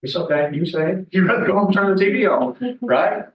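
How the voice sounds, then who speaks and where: A man's voice: sits high, brisk, far from the mic, a little hiss or hum. A man in his forties, telling candid stories and joking with a team in a meeting room. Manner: folksy, candid, joking with the audience. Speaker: guest speaker at a real estate team meeting. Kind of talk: casual storytelling talk to a room. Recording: echoey room recorded from afar, dull sound.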